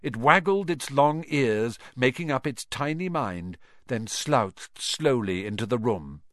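Animated male storybook narrator. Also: medium pitch, a little slow, no echo, studio quality. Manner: animated, expressive. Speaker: audiobook narrator.

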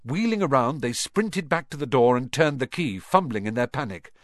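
A man reading a children's story aloud in an animated, expressive manner. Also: medium pitch, normal speed, dry recording, studio quality. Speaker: audiobook narrator. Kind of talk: scripted storybook narration.

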